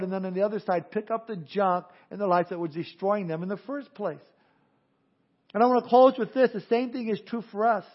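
High-voiced animated male pastor. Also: highs cut off. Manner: animated, acts out crowd voices, drops to hushed earnest tones. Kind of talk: sermon.

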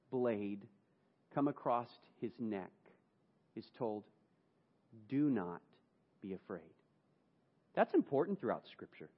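Storytelling pastor with a lo-fi sound. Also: male voice, mid-range voice. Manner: dramatic storytelling, swings from hushed to raised. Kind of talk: sermon.

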